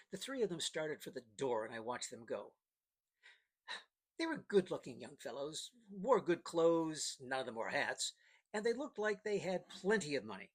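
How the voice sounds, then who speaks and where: A man's voice: on the high side, sing-song, normal speed, breathy edge. A man narrating a first-person novel in a dry, plain-spoken storytelling manner. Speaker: audiobook narrator.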